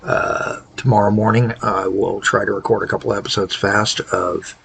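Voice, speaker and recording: A tired man hosting a casual game tutorial, thinking aloud in a halting, low-key way. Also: fairly even intonation, vocal fry, a bit bright, a little hiss or hum, poor audio. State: tired, worn out. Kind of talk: casual gameplay tutorial commentary.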